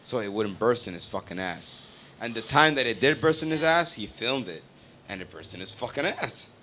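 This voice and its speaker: A man's voice: mid-range voice, animated, normal speed, pushed and bright, slight background noise. A man in a band, guesting on a live stream show and talking casually in a rambling, profane way. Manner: rambling, profane, filler-heavy.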